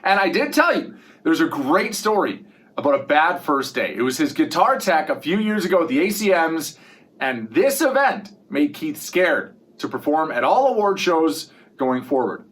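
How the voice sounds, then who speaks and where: Chirpy guy doing a music news update, voice jumps all over, kinda high. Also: big pitch swings, normal speed, a bit bright. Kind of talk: scripted entertainment news segment.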